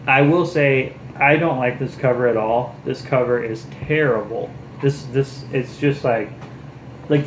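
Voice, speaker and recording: A man's voice: medium pitch, echoey room, a little hiss or hum, poor audio. Rambling enthusiastic man showing comics. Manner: enthusiastic, rambling with many fillers. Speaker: book vlogger. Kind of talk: casual show-and-tell chat.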